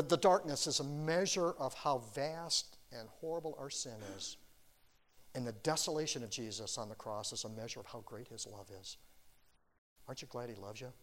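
A man preaching a sermon as a pastor, earnest, swinging from loud urging to hushed quiet. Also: medium pitch.

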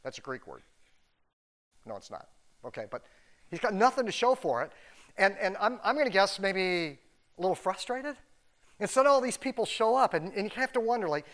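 Middle-aged guy preaching, high voice, chatty and rambly, keeps restarting and tossing in side jokes. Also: very animated, normal speed, pauses often, a bit bright. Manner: conversational, rambling with restarts and asides. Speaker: pastor. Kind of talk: sermon.

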